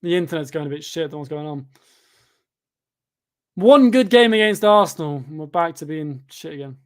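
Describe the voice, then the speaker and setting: Exasperated young football fan. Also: male voice, fairly high pitch, expressive, normal speed. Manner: sarcastic, exasperated mock commentary. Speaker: fan channel host. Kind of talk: live football watchalong chat.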